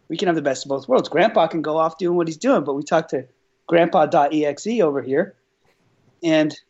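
A man's voice: a little high, darkish tone, breathy edge. A man talking casually and earnestly as a paranormal investigator, rambling with frequent restarts. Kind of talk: casual conversation. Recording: dull lo-fi sound.

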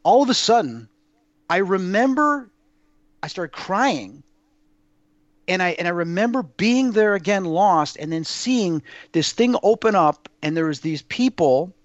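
A man's voice: high-pitched, lively intonation, a little slow, dry recording, muffled recording. A man telling personal stories in a casual interview, earnest and rambling, with many fillers and restarts. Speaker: guest sharing personal experiences. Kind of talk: casual spoken storytelling.

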